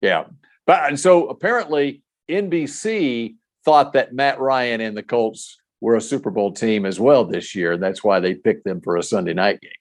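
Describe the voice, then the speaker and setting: A man's voice: mid-range voice, normal speed. A man co-hosting a sports show in casual, conversational talk, tossing questions to his partner.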